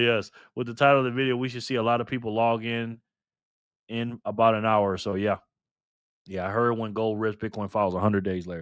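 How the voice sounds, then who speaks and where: A man's voice: fairly low pitch, clean tone, no echo, studio quality. An older man hosting a live stream in a casual, chatty way, thanking viewers by name and swearing now and then.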